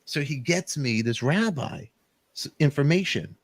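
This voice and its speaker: A man hosting a talk show, telling an emotional story in a rambling, animated way with sudden jumps in pitch. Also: unhurried, slightly rough, dry recording. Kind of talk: emotional casual monologue.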